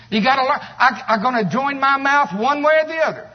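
A man preaching a sermon, animated and exclaiming, sometimes mocking other people's voices. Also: very high-pitched, normal speed. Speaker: pastor. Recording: distant hall reverb, dull sound.

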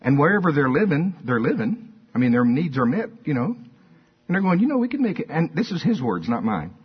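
An older pastor with a drawl preaches in a husky, slightly breathy voice. He talks to the congregation in a folksy, conversational way and hammers his points home through repetition. The recording sounds dull and lo-fi. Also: mid-range voice, very animated, fairly quick. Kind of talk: sermon. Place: church.

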